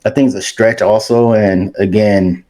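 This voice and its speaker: A laid-back man co-hosting a sports talk show. His voice sits fairly low for a man, and he talks easily, with a lot of fillers. He weighs in on the discussion in a casual, conversational way. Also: steady tone, moderate pace, dark tone.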